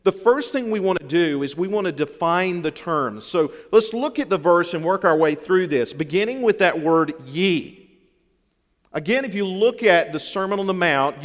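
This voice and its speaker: Folksy Southern pastor preaching in a hall. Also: male voice, high voice. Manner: folksy, humorous preaching with emphatic repetition. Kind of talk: sermon. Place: church sanctuary. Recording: long hall reverb.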